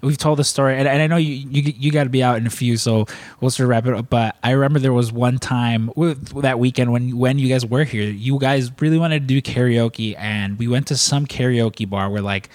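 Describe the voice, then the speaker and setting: A man chatting loosely and telling stories, full of restarts and casual swearing. His voice sits at an ordinary pitch and sounds close and dry, with no room around it. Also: steady tone, fairly quick, a little mellow, no room sound. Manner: rambling, swears freely, many restarts. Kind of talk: casual storytelling chat.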